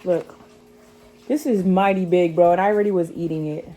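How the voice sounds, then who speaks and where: A woman's voice: lowish voice, steady tone, normal speed, dark tone. A woman in her twenties chatting casually in a vlog, playful and slangy, often laughing, at her family's home at Christmas. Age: 20s. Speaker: vlogger. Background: background music.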